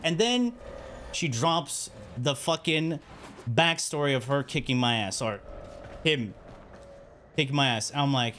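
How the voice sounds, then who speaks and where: Animated, profane male streamer storyteller. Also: mid-range voice, measured pace, long pauses. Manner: animated, profane, keeps checking in with "right?". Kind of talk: casual storytelling on a livestream. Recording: steady background noise.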